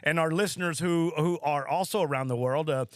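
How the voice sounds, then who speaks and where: A man's voice: fairly high pitch, fairly quick, no room sound, clean studio sound. A man hosting a podcast, with a South Texas accent, chatting enthusiastically and often repeating words. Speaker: podcast host. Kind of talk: casual podcast chat.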